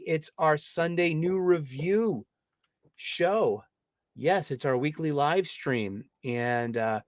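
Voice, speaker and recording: A middle-aged man hosts a relaxed livestream chat. He talks slowly with a somewhat high voice that soars upward when he gets excited. The sound is dry and close. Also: dry recording. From Boston. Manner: excitable, voice jumps into higher registers. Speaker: livestream host.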